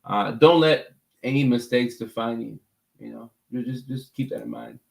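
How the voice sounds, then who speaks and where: A man's voice: mid-range voice, fairly even intonation, moderate pace, gravelly, a little mellow, reverberant. A man hosting a casual livestream as a mental health clinician, answering viewer comments in an easygoing, talkative way and often repeating words as he thinks.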